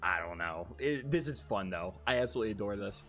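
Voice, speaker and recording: A man's voice: lowish voice, fast talker, faint music behind. A man streaming, chatting casually, laughing often and cursing freely. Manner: animated, laughs often, swears. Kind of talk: casual livestream chat.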